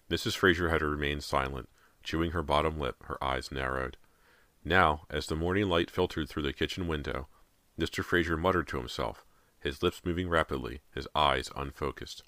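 A man reading a horror novel aloud in a measured, steady voice, close to the mic. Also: very deep voice, no room sound. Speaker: audiobook narrator. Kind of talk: scripted horror narration.

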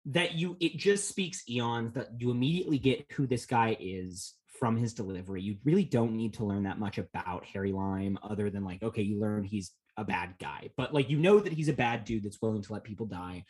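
A man's voice: lowish voice, fairly quick, hardly any pauses, darkish tone, husky. A man co-hosting a podcast, talking through a film in a rambling, jokey way and swearing often. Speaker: podcast co-host. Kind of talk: casual film discussion.

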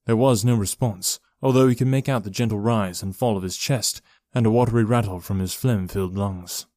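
A man giving a steady, measured reading of a horror story as narrator. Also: on the low side, dry recording, clean studio sound. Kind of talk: scripted horror audiobook narration.

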